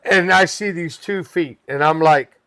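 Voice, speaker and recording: A man's voice: fairly high pitch, measured pace, sharp tone, no echo. A pest control worker, a man, telling a wild work story on a comedy podcast, swearing freely and laughing as he goes. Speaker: podcast guest. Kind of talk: animated storytelling.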